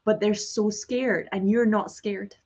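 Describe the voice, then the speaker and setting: A woman's voice: medium pitch, fairly even intonation, unhurried, darkish tone. A woman hosting an interview, talking earnestly and chattily with many fillers over a video call. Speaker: host, course teacher. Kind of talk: conversational interview.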